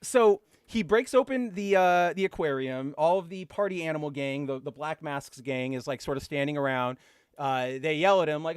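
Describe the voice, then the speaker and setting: A man co-hosting a podcast, chatting casually and excitedly, full of fillers and gushing asides. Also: on the high side, normal speed, smooth, no echo, studio quality. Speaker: podcast co-host. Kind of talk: casual comic book chat.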